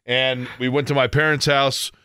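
Brief: sports radio host, late 40s, mid-pitched man, dry close studio sound, lively storyteller. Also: moderate pace, smooth, dry recording. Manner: storytelling, animated in quoted bits. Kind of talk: casual radio talk.

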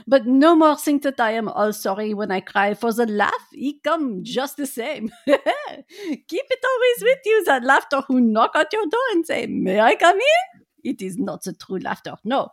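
A woman reading the part of a grieving old male professor who speaks in halting, broken English and laughs through his lines. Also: sits high, heavily acted. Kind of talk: dramatic reading aloud.

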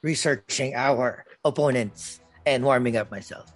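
A man playing a tabletop game, joking and talking fast, sometimes hesitant, as a player. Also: mid-range voice, soft background music. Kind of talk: casual tabletop game play.

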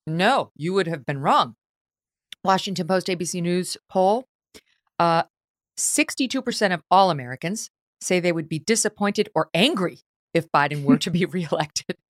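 A woman's voice: on the low side, moderate pace, dry recording, clean studio sound. A woman hosting a podcast, talking casually about politics and mocking the people she quotes. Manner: animated, mocking quoted voices. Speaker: podcast host.

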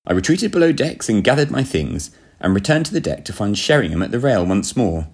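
A man's voice: fairly low pitch, very animated, a little fast, slightly rough. A man reading a story as a first-person diary, with a pompous, self-satisfied manner. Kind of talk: scripted first-person narration.

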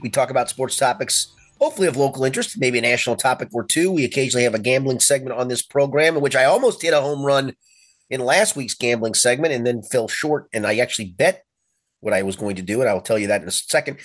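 A man's voice: medium pitch, fast, no room sound. Chatty male sports podcast host. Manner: animated anecdotes, acts out quoted friends. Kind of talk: casual sports chat, storytelling.

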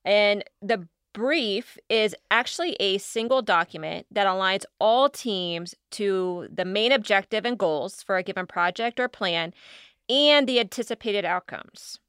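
Woman podcast cohost, bright clear voice, measured explainer tone, dry sound. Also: medium pitch, dry recording. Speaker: podcast co-host.

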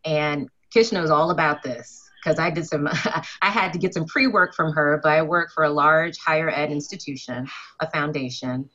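A woman's voice: sits low, normal speed, a bit bright, lo-fi sound. A woman from the audience joins over a video call and asks her question earnestly, with some hesitation. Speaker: audience member asking a question.

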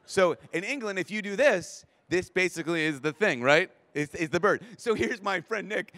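Speaking at a moderate pace in a voice that sits high, this priest addresses a large live audience with no room sound. He acts out the characters in his animated stories and often restarts sentences as excitement builds.

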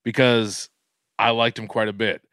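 A man's voice: on the low side, little pitch movement, moderate pace, a bit bright, clear, resonant tone, no room sound, studio quality. A man co-hosting a podcast, telling rambling food stories in casual chat and swearing freely. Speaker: podcast co-host.

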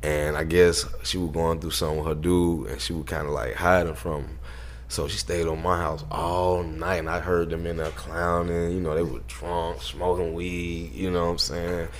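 A man telling animated, profane stories as an interview guest and acting out the people he quotes. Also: deep voice, normal speed, slight background noise. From Southern United States. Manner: profane, acts out quotes in voices. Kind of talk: animated storytelling.

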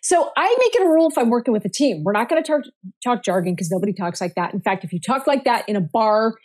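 A woman guest on a marketing podcast, talking in an animated, playful way and laughing often. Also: a little high, quick pace. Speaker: guest, marketing speaker and author. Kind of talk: casual podcast interview.

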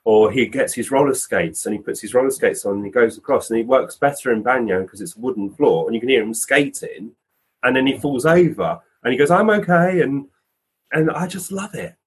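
Male guest medium, husky, animated anecdote-teller. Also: mid-range voice, fairly quick, low-quality recording. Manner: animated storyteller, acts out quoted voices. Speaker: physical medium, podcast guest. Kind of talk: casual anecdotal storytelling.

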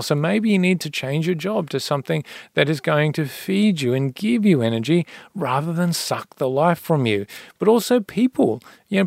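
A man on a podcast telling a parable and giving money tips in a calm, storytelling way. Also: on the high side, vocal fry, dry recording, clean studio sound. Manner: storytelling, repeats a refrain calmly. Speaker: guest expert on personal finance.

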